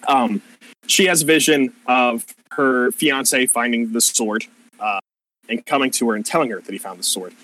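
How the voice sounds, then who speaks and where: A man's voice: mid-range voice, normal speed, pushed and bright, no room sound, low-quality recording. A man narrating a tabletop game as game master, casual and profane, rambling with plenty of fillers.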